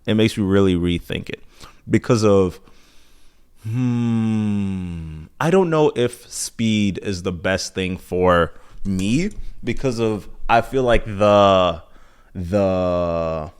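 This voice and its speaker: A man's voice: fairly low pitch, expressive, slow pace, clear, resonant tone. A man in his twenties with an American accent, hosting a podcast and rambling casually about running and daily habits, loose and chatty with sighs and self-corrections. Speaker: podcast host.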